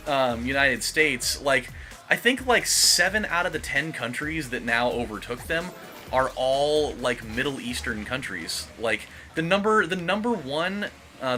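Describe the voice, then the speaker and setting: A man casually rambling as he comments on a racing game, excitable during close moments. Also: on the high side. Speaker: let's play host. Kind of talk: gameplay commentary.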